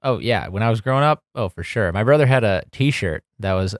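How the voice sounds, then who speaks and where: A man on a podcast, telling a childhood story with lively energy and laughing at the funny parts. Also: lowish voice, a little fast, no room sound, clean studio sound. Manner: animated storyteller, laughs through the punchlines. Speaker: podcast co-host. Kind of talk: casual storytelling chat. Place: studio.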